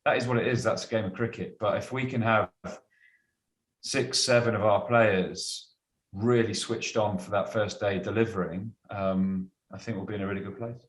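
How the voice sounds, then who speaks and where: Brief: male guest, low voice, relaxed anecdotal chat, roomy echoing sound. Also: normal speed. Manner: chatty, laughs through anecdotes. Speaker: guest cricketer. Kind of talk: casual storytelling. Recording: roomy echo.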